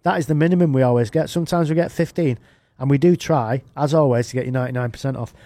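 A man's voice: medium pitch, fast talker, no room sound, studio quality. A man co-hosting a podcast, bantering and teasing his co-host in casual chat. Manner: banter, teasing, trails off quietly.

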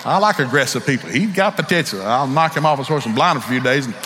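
Here the Southern preacher, middle-aged, talks fast and animated with a sharp, medium-pitched tone. The big-room sound carries a little hiss or hum as he acts out voices in his folksy, candid story sermon.

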